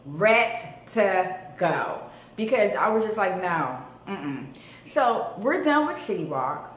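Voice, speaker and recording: In an echoey room with a bit of background noise, a vlogger in her thirties from Southern California recounts a dramatic story full of slang and curse words. She has a mid-range voice with big pitch swings and talks a little slowly.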